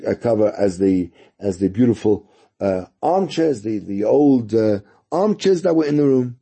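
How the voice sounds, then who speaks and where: A male radio host telling a moral story in a Torah talk, halting and repeating words as he goes. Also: mid-range voice, dark tone, breathy edge.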